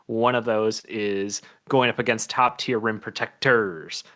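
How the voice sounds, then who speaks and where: A man co-hosting a casual sports chat with a bright, forward edge to his voice. He talks at length, weighing ideas aloud. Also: on the low side, steady tone, measured pace. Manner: talkative and analytical, thinks aloud. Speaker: co-host, draft analyst.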